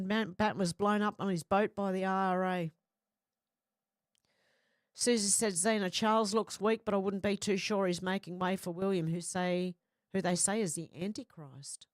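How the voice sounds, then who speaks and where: A woman's voice: medium pitch, dry recording, studio quality. A woman with an Australian accent hosting a casual livestream, reading viewer comments aloud and answering them bluntly with her own opinions. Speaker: livestream host.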